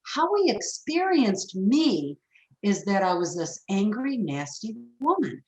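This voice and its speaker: A woman guest on a podcast telling personal stories about forgiveness in a frank, animated way. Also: mid-range voice, takes it slowly. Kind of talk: storytelling in a podcast interview. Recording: roomy echo.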